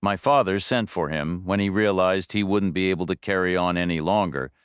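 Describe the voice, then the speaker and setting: A man's voice: deep voice, brisk, clean tone, dry recording, studio quality, natural voice. A man voicing a determined young woman lawyer, earnest and persistent in her questions.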